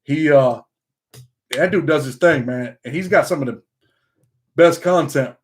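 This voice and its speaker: A man's voice: fairly high pitch, a little slow. A man from upstate New York with a Southern country twang, hosting a casual livestream, reading the chat aloud and tacking "man" onto the end of his sentences.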